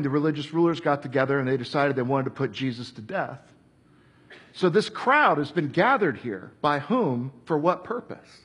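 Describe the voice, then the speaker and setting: Preaching a sermon, a man with a high, husky voice tells the story with lively energy, taking on the voices of the people he quotes.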